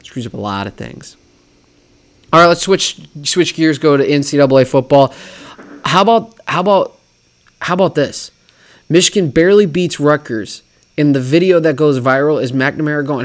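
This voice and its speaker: A man's voice: fairly high pitch, normal speed. A man hosting a solo sports talk show, riffing and mocking himself with lots of rhetorical questions. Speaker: sports podcast host.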